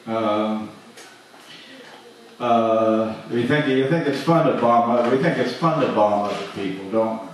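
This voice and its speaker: A man delivers a stand-up set slowly and haltingly, with frequent uhs and restarts. His voice sits low. He is caught from a distance in a very echoey comedy club, with faint noise behind him. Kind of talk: open-mic stand-up set. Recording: echoey club miked from afar.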